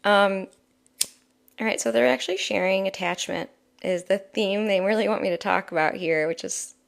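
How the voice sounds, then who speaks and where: A woman giving a live-streamed spiritual oracle reading, talking softly and chattily with many fillers and asides. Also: mid-range voice, moderate pace, creaky.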